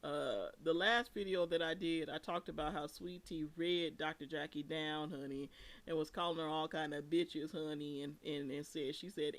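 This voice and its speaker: Host, casual gossip recap, mid-pitched, talkative, loose and playful. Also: fairly even intonation, a bit bright. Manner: chatty, laughing, drawn-out asides, calls listeners honey. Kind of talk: casual reality TV commentary.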